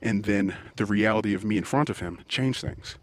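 A man's voice: on the low side, moderate pace, slight background noise. A man hosting a podcast, telling a heated story in a profane, confessional monologue. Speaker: podcast host.

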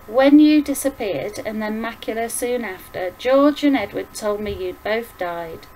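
Storybook old lady, gentle and guilt-ridden, raised soft voice, as a woman reads her. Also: on the high side, a little hiss or hum, natural voice. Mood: sorrowful. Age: older. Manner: soft, slow and tender.

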